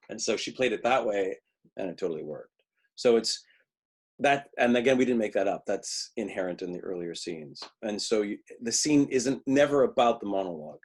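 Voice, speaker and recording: Husky low-voiced man teaching acting. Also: expressive, a little fast, darkish tone. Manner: conversational, restarts often, acts out quoted lines. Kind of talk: webinar teaching talk. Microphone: video call.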